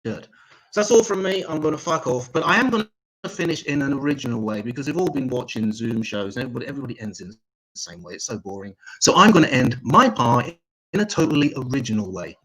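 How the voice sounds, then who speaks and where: Comedian guy doing a crude online stand-up set, deadpan jokes, pitch jumps around, slightly husky. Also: quick pace, rough recording. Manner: deadpan, crude one-liners. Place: home, online comedy show.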